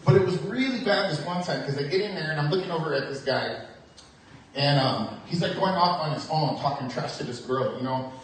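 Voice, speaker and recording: A man's voice: on the high side, fairly quick, a little hiss or hum. A man doing a stand-up comedy set, telling a story and acting out the other people's lines in shifting voices. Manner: storytelling, acts out jail conversations with shifting voices. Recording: echoey club heard from a distance.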